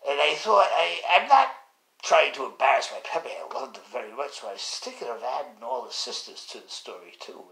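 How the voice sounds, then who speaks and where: A man's voice: medium pitch, sing-song, a little fast, gravelly, bright, forceful tone, reverberant, low-quality recording. A man casually telling a rambling family story, full of asides and restarts.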